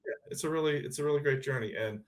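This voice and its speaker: A man chatting as a podcast guest, telling lively stories and laughing often. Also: mid-range voice. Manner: lively storytelling, quick to laugh. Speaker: guest, pickleball club founder. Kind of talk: casual podcast chat.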